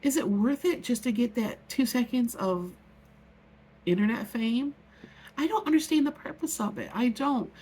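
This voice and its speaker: A woman's voice: fairly high pitch, moderate pace, dark tone, husky. A middle-aged woman telling a personal story in an earnest, heartfelt, rambling way, often restarting her sentences. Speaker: vlogger. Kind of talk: emotional personal vlog.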